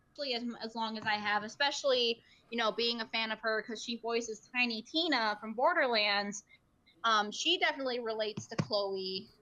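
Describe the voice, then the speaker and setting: A woman talking in a casual podcast chat with a bright, forceful voice set a little high. She sounds earnest and emotional and rambles with plenty of fillers. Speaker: podcast guest, streamer.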